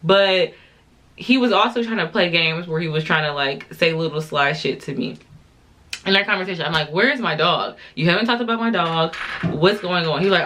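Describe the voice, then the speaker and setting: A woman's voice: fairly low pitch, normal speed, long pauses, a bit bright. A woman in her twenties, a little drunk, chatting to viewers in a casual, exasperated, slangy storytime vlog. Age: 20s. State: tipsy from drinking. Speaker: vlogger. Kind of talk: casual storytime while doing makeup.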